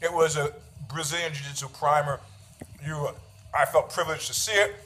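A man's voice: a little high, fairly even intonation, moderate pace, fairly bright tone. A middle-aged man telling a story in a casual rant, profane and sarcastic, needling people and laughing at his own jokes.

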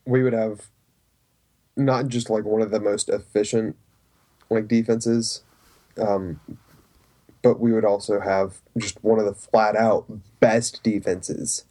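A man's voice: on the low side, level tone, takes it slowly, pauses often, warm tone. A man with a Southern US accent co-hosting a casual podcast, rambling and hedging as he talks. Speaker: podcast co-host.

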